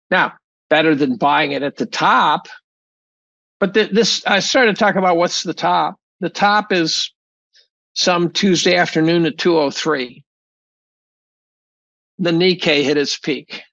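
A man's voice: fairly high pitch, vocal fry, fairly bright tone, dry recording, highs cut off. A man, a professor being interviewed, talking casually in a blunt, profane, rambling way with many restarts. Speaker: guest, chemistry professor.

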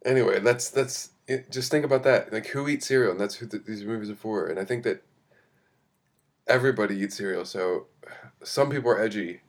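A man's voice: lowish voice, brisk. A man in an improvised comedy chat with a laid-back, dry way of talking, eating cereal as he speaks.

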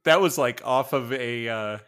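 A man's voice: mid-range voice, measured pace, fairly bright tone, smooth. A man co-hosting a podcast in casual chat, with dry, joking remarks. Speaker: podcast co-host.

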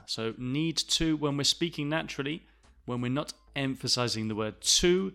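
A male English teacher explaining pronunciation, slow and deliberate, repeating phrases to demonstrate them. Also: medium pitch, expressive, creaky, pushed and bright. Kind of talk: language lesson explanation.

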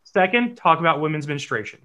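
A man's voice: fairly high pitch, lively intonation, a little fast, bright, forceful tone. A man co-hosting a podcast, talking casually in a rambling way with many fillers. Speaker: podcast co-host.

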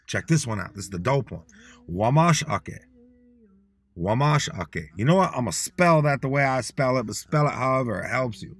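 A man hosting a podcast, teaching Dakota words in a casual, motivational way. He talks bluntly and in slang, and repeats words slowly for listeners to say along. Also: medium pitch, animated.

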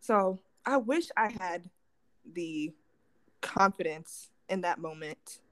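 A young woman co-hosting a podcast, telling a story in a casual, animated way and acting out what people said. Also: fairly low pitch, slow pace, a crowd in the background. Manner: animated storytelling with lots of acted-out quotes. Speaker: podcast co-host.

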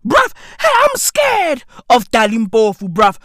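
A woman with a high, bright voice delivers profane, comedic reaction commentary, excitable and swearing, her pitch swinging wildly as she repeats lines for effect. She drags her words out unhurriedly, and the recording is close and dry with no room sound.

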